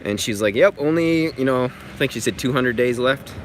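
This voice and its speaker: A man's voice: medium pitch, animated, normal speed. A man telling a story in a casual vlog, chatty and exasperated, swearing freely, recorded outside near traffic. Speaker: vlogger.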